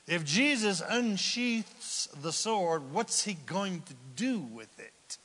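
A man preaching a sermon, animated, swinging from loud lines to whispered asides. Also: sits high, slow, few pauses, big-room sound. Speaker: pastor.

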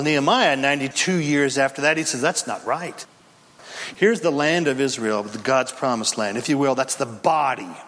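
A man preaches a sermon in a high, animated voice that swoops and leaps into shouts. He acts out voices from the text. A long hall reverb trails each phrase. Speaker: pastor.

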